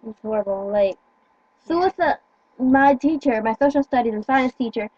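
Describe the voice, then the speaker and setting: A woman's voice: on the high side, lively intonation, normal speed, a little mellow, no echo, dull audio. A teenage girl talking earnestly into a phone in casual chat, rambling and stumbling over her words. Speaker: teen vlogger.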